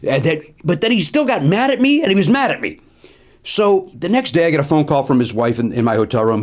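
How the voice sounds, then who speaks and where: In a quick, high-leaning male voice, a comedian host rattles off a casual anecdote. The delivery is animated, with repeated phrases and many "uh" fillers.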